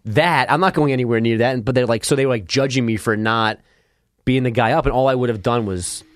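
Male co-host from New York, mid pitch, dry teasing storyteller. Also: fairly quick, no room sound. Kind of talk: casual podcast storytelling.

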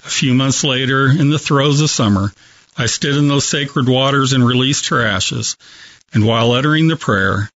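A man with a gravelly edge tells a story in a calm, reflective way. His voice sounds dry and close, with slightly dull, muffled audio, like a radio show guest. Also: medium pitch, moderate pace, no echo. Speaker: hospice worker telling a story.

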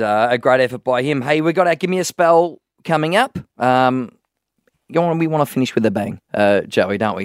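An Australian man co-hosting a sports radio show, chatting quickly in casual banter and laughing easily. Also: fairly high pitch, no echo, clean studio sound. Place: dry radio studio.

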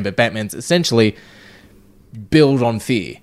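A man's voice: medium pitch, expressive, moderate pace. A man co-hosting a casual podcast, rambling and laughing easily. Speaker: podcast co-host.

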